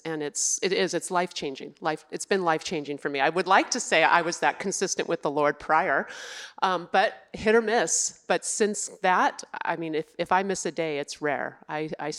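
A woman who serves in family ministry and raises two kids, sharing her faith story in an earnest, reflective way during a church interview. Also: on the low side. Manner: earnest, reflective, with soft laughs.

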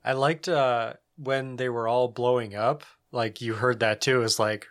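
A man's voice: mid-range voice, steady tone, normal speed, few pauses, fairly bright tone. A man co-hosting a casual podcast chat, easygoing and laughing often. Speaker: podcast co-host.

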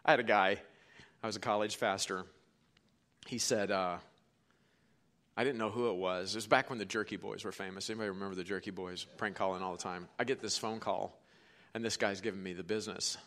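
A middle-aged man preaching a sermon as pastor, telling stories and swinging from hushed to forceful. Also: fairly low pitch, steady tone, a little fast. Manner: storytelling, quoting others, swings from hushed to forceful.

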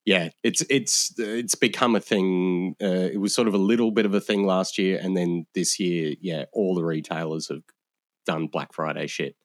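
A man's voice: sits low, fairly even intonation, normal speed, dry recording, clean studio sound. An Australian man guesting on a podcast, talking in a laid-back way. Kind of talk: casual podcast banter.

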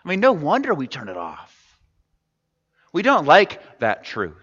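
A man's voice: on the high side, wildly swooping pitch, a little slow, a bit bright, husky. A man preaching a sermon, talking in a conversational way and putting questions to the congregation. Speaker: pastor. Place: church sanctuary. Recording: dull sound in a large reverberant hall.

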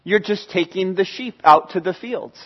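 An excitable man telling a sermon story with lively animation. His voice is very high and somewhat husky, caught on a dull, lo-fi recording. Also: moderate pace. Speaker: storyteller preacher.

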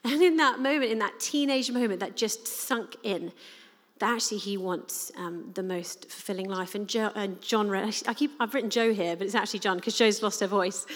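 A woman preaches in an earnest, conversational manner, pausing often on small fillers as she leads her listeners along. Her voice sits at an ordinary middle pitch. The sound carries a long reverb, as from a large hall. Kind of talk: sermon.

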